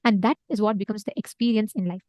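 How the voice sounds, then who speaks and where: A woman's voice: mid-range voice, quick pace, darkish tone, no echo. A woman with an Indian English accent teaching a live online spiritual session, earnestly urging listeners to respond.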